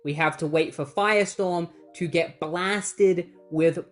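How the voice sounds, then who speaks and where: A man's voice: on the high side, takes it slowly, soft background music. A man casually recapping a comic book story in a chatty, sarcastic way and acting out the characters.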